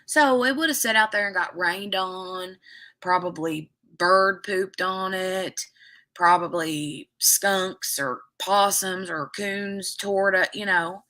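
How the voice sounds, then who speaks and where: Slow-talking, bright-voiced woman. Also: medium pitch. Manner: chatty, rambling storyteller who reads viewer comments aloud. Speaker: craft livestream host. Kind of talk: casual livestream chat.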